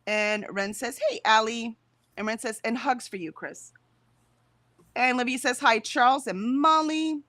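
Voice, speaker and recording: A woman's voice: fairly high pitch, unhurried, a bit bright, no room sound. A woman co-hosting a casual stream, chatting and reading viewer comments aloud, laughing often. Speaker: co-host of a productivity stream. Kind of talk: casual chat reading out live chat.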